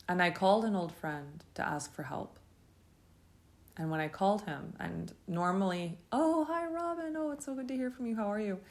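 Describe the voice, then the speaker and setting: A woman speaks in a low, gravelly voice full of vocal fry. She tells her own story in a halting, intense monologue. She pauses and restarts often as she recounts it. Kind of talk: first-person testimony monologue.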